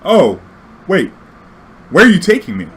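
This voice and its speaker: A man's voice: very animated, moderate pace. A man putting on a flustered woman passenger. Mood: alarmed. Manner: high, pleading, insistent.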